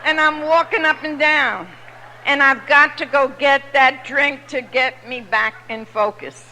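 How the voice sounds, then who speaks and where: An older woman from New York with a New York accent, telling her personal story to an audience as a recovery meeting speaker, lively and humorous. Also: sits high, measured pace, slight background noise. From New York City. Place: large meeting hall. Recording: echoey hall recording.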